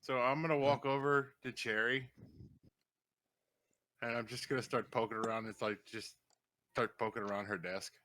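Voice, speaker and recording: Goofy male player, bright forward tone. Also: mid-range voice, steady tone, normal speed, long pauses. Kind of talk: casual tabletop play.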